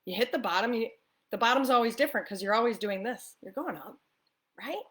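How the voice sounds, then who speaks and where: An upbeat woman talks straight to camera in a relaxed coffee-talk chat. She coaches listeners in a friendly, chatty way, often checks in with a quick "right?" and slips into easy laughter. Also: fairly high pitch. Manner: laughs often while talking. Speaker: spiritual life coach. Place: the East Coast of the US.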